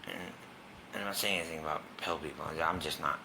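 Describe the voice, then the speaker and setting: Deep-voiced man telling a raw story. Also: quick pace, noisy background. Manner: casual, profane, drops to a whisper at tense moments. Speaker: guest sharing his recovery story. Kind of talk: candid personal storytelling.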